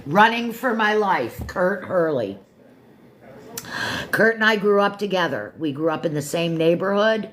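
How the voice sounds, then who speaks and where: An older woman from Florida with a low, deep voice, hosting her own show and chatting casually about a book, self-joking and talking straight to listeners. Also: lively intonation, measured pace, a bit bright, a little hiss or hum. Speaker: show host reviewing a book. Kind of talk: casual rambling monologue.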